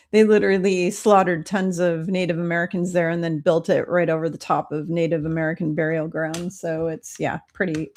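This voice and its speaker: A woman from Minnesota hosting a spiritual live-stream Q&A, chatty and casual, with drawn-out greetings and frequent ums as she reads out viewers' names. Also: on the low side.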